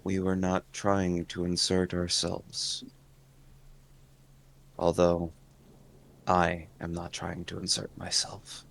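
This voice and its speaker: A man playing in a tabletop game, talking slowly and hesitantly. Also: deep voice, monotone, creaky, a bit bright. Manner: slow, hesitant, often laughing. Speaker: player.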